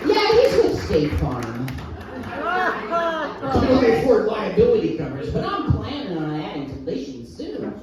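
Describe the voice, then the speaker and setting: A man's voice: very high-pitched, very noisy. A middle-aged man doing a stand-up comedy set, firing off one-liners and working the crowd in a live club. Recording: echoey room, mic heard from a distance.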